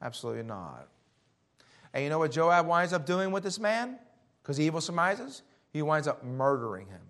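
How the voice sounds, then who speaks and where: Male preacher, slightly high voice, punchy rhetorical questions, drops to a hush for warnings. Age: adult, Army veteran. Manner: emphatic, rhetorical questions, swings between loud and hushed. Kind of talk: sermon with scripture reading.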